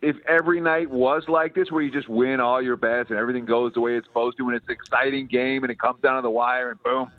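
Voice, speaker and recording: A man's voice: medium pitch, steady tone, fast, few pauses, no echo, narrow, tinny audio. A man appearing as a sports betting analyst guest, teasing the hosts in a wry, easygoing way. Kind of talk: casual sports betting chat.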